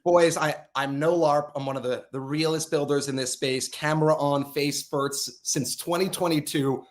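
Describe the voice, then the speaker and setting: A man, a game studio founder from Canada, explaining his business on a casual podcast, animated and a bit boastful. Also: a little high. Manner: animated, quick to laugh, boastful.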